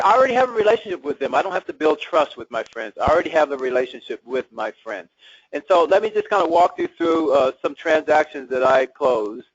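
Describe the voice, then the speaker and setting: A man delivers a live real estate seminar, keeping it conversational and throwing questions out to the room. His voice sits a little high for a man and has a husky edge. The recording is dry and dull, with a lo-fi sound. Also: no echo. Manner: conversational, asks the audience questions. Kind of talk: live seminar talk to an audience.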